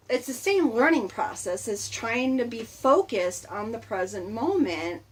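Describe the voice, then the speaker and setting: A woman hosting a casual motivational talk, chatty and laughing often as she speaks to her viewers. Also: on the high side. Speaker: host.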